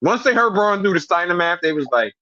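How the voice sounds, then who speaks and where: A man's voice: high-pitched, sing-song, a little fast, sharp tone, no room sound. A man co-hosting a casual wrestling podcast, cracking profane jokes and laughing a lot. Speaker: podcast co-host. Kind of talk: casual wrestling recap chat. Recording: muffled lo-fi audio.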